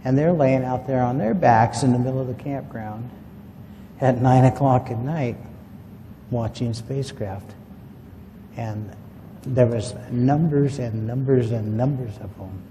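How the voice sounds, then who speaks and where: A man's voice: medium pitch, measured pace, warm tone, in a large hall, slight background noise. A man casually telling a rambling, folksy story about a past experience to a group of listeners. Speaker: UFO witness telling his story.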